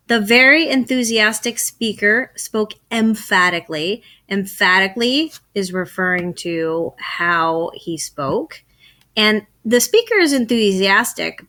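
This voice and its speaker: A woman teaches grammar in a recorded lesson, speaking slowly and deliberately. Her voice is bright, and her pitch rises and falls a lot as she poses questions and then answers them herself. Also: lively intonation.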